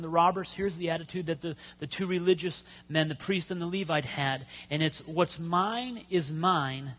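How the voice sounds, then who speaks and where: A man preaching a sermon, telling stories with pauses and sudden loud emphasis. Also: on the high side. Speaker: pastor.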